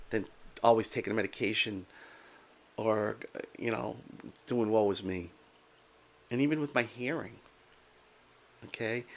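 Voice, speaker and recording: A man's voice: medium pitch, gravelly, pushed and bright. An older man talking candidly and plainly to camera about living with his condition, with blunt humor and frequent asides. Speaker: vlogger sharing his Meniere's experience. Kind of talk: casual personal talk to camera.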